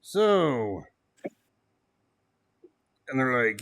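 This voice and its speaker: Bright-voiced man swearing through a wrestling recap. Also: medium pitch, slow, pauses often. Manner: animated, swears, laughs often, mocks quotes. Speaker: podcast co-host. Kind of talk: casual wrestling review chat.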